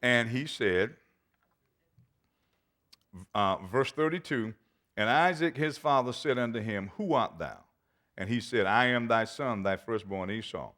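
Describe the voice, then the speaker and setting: A man's voice: medium pitch, measured pace, pauses often, a bit bright. A man, a pastor, preaching a sermon and reading scripture aloud with dramatic emphasis. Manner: reads scripture aloud in old-fashioned wording.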